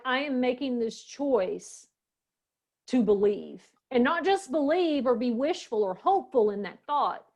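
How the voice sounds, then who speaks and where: A woman's voice: fairly high pitch, a little mellow. A middle-aged woman hosting a heartfelt conversation, speaking in an earnest, reflective and emotional way. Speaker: host.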